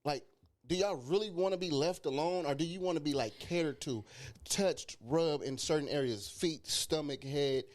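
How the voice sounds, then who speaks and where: A man's voice: a little high, normal speed, a little mellow. A man co-hosting a podcast in casual chat, joking and asking curious questions. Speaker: podcast co-host.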